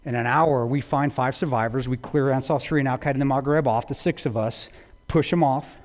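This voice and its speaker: A man's voice: fairly even intonation, brisk. Intense man telling a war story in a hall. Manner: intense, swinging between loud bursts and hushed low lines. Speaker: guest speaker. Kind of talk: storytelling talk to an audience. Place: large auditorium. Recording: long hall reverb.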